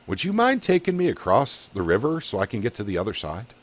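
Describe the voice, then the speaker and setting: A man voicing a sly male scorpion in a spoken fable, persuasive and smooth-talking. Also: fairly low pitch, huge pitch swings, brisk. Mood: coaxing. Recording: dull lo-fi audio.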